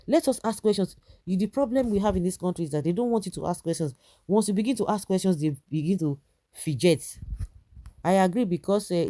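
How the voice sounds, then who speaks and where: Nigerian woman, indignant commentator, mellow voice, rhetorical and repetitive. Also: low-pitched. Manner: indignant, rhetorical questions, frequent restarts. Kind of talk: opinionated political commentary.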